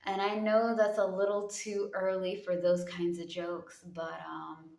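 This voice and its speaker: A woman's voice: on the low side, completely flat delivery, measured pace, gravelly, a little mellow. A woman giving a casual tarot reading in a sassy, slangy way, calling her listeners honey. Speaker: tarot reader. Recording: echoey room.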